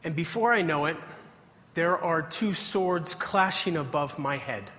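A man's voice: on the high side, unhurried, bright, forceful tone. A man preaching a testimony sermon, telling his story earnestly and reading scripture aloud. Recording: hall reverb.

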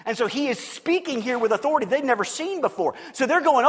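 A man's voice: very high-pitched, animated, fast, few pauses, fairly bright tone, slightly rough. A man giving conversational Bible teaching as a pastor, talking informally, restarting and repeating words and checking in with his listeners. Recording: long reverb from a large room.

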